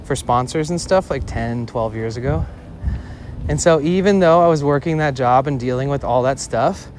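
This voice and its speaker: A man streaming outdoors, casually telling a story in a loose, profane, animated way with acted-out quotes. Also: medium pitch. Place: outdoors in a city. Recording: outdoor street noise behind.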